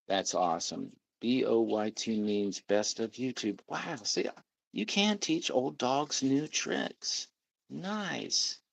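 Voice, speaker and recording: A middle-aged man with a gravelly, low voice hosts a laid-back livestream. He rambles from one topic to the next and reads viewer comments aloud. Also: dry recording, low-quality recording. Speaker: livestream host. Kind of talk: casual livestream chat.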